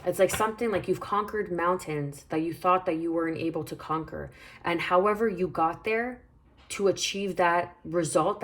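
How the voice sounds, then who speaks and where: A woman giving a spiritual tarot reading, unhurried and reflective, repeating phrases as she pulls cards. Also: fairly low pitch. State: hiccuping. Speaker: tarot reader.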